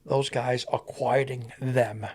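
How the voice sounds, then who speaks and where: A man, a stuntman guest, telling animated on-set stories and acting out the voices of the people in them. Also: medium pitch, slow pace, slightly rough. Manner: animated, acts out voices in anecdotes. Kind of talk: animated storytelling.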